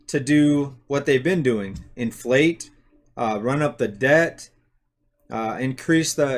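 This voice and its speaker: Unhurried man musing on economics. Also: mid-range voice. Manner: unhurried, with frequent "uh" and restarts. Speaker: host of an economics channel. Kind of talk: casual commentary monologue.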